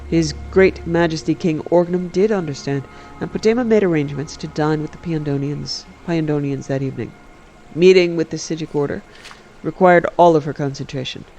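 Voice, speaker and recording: A man casually reading a story aloud, relaxed and correcting his own slips. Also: a little high, fairly quick, soft background music. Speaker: game streamer reading an in-game book. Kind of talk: casual read-aloud narration.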